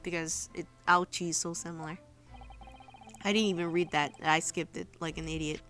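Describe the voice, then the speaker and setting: A woman's voice: lowish voice, steady tone, normal speed, a bit bright, faint music behind. A woman streamer giving blunt, self-mocking commentary with frequent swearing. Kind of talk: casual game commentary.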